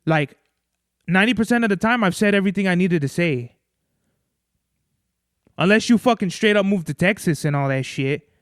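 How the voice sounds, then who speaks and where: Profane young man, clear dry voice. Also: high voice, normal speed, pauses often, no echo. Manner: loose, profane, rambling, says bro. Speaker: podcast host. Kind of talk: casual chat.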